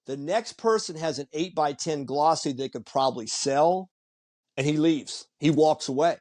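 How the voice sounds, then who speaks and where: Brief animated storytelling man, high voice. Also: normal speed, dry recording. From Virginia Beach, US. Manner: animated storyteller who acts out quoted voices. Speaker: podcast host. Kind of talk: casual conversation.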